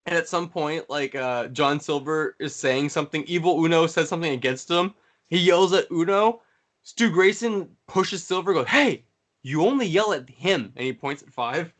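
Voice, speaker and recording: A man co-hosting a casual podcast chat, retelling moments with excitement and energy. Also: on the high side, moderate pace. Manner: excited storytelling, acts out quotes. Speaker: podcast co-host.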